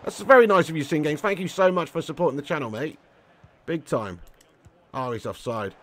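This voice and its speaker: A man's voice: fairly high pitch, expressive, a little fast. A young man streaming a football video game, chatting cheekily with viewers, swearing and calling them mate and legend. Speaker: gaming live streamer. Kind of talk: casual live-stream banter while playing.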